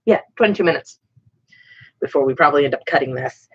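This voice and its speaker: A woman's voice: low-pitched, quick pace, vocal fry, husky. A woman chatting casually as a livestream host, rambling and joking about herself, with murmured asides. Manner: rambling, self-deprecating, drops into murmured asides. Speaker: livestream host painting miniatures. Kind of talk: casual chat. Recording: dull lo-fi stream audio.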